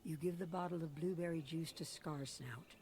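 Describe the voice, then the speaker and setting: A game narrator reading descriptive lines in an even, scripted style. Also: mid-range voice, moderate pace, close to an everyday voice.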